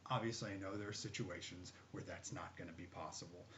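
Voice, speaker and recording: A man working as a voice therapist, calmly explaining a session with many fillers. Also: sits low, fairly quick. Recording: dull lo-fi with faint noise.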